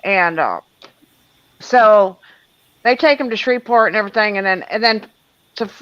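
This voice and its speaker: On a show, a woman with a mid-range voice tells a long, rambling story at normal speed, animated and full of fillers and restarts. There's no echo, but the highs are cut off.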